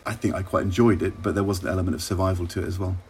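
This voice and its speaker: A middle-aged man from England, a former minister, telling wry, measured stories in an interview. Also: low voice, steady tone, darkish tone, slight background noise. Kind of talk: relaxed interview anecdotes.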